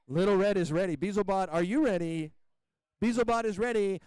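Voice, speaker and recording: High-voiced man announcing robot fights. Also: a little fast, clear, resonant tone, no room sound, poor audio. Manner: energetic play-by-play, calls robots to the arena, counts down. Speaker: combat robot event announcer. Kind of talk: live event commentary. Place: robot combat event venue.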